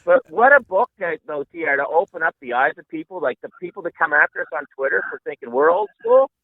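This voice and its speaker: A man in his forties co-hosting a casual chat, excited and emphatic. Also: fairly high pitch, fast talker, vocal fry, no echo. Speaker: co-host. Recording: tinny phone line.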